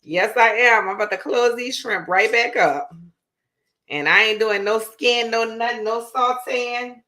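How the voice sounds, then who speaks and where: A woman hosts her own show and cooks, chatting casually and addressing viewers head-on in a New Orleans accent that marks her as from Louisiana. Her voice is on the high side, pushed and bright, delivered at a measured pace.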